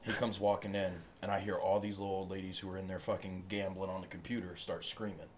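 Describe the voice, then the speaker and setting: A man in casual podcast chat, a profane, animated storyteller. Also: deep voice, fast talker, a little hiss or hum.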